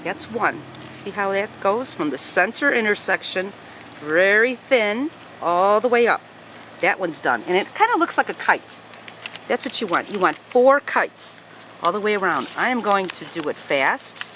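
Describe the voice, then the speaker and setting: A woman's voice: mid-range voice, big pitch swings, measured pace, fairly bright tone, a little hiss or hum, low-quality recording. A woman teaching a paper-folding tutorial at home, guiding each fold patiently and step by step. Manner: patient step-by-step instruction, chats to her dogs. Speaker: origami teacher. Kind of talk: hands-on craft tutorial.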